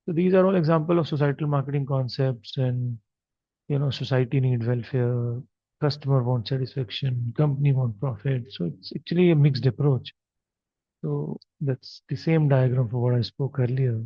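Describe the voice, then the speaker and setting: A marketing lecturer with an Indian English accent explains his slides unscripted, using frequent fillers, in a medium-pitched voice at normal speed with fairly even intonation. The recorded lecture sounds dry and slightly dull, with no room sound.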